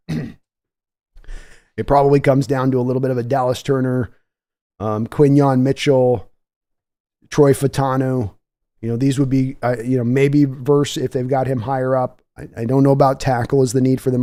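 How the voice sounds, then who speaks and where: A man hosting a live-streamed draft show, talking in a chatty, excitable way and reading viewer donations aloud. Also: mid-range voice, normal speed, long pauses. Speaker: livestream draft host.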